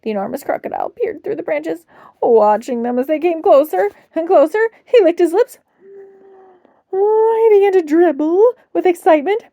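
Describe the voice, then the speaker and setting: Expressive woman reading a bedtime story. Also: extremely high pitch, moderate pace, dry recording, muffled recording. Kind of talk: reading a children's book aloud.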